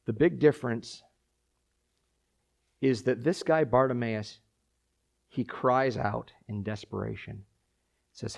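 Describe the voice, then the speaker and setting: A man preaching as a pastor, closing his sermon with a prayer, moving from quiet pleading to loud, urgent calls. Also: mid-range voice, slow, creaky, long pauses.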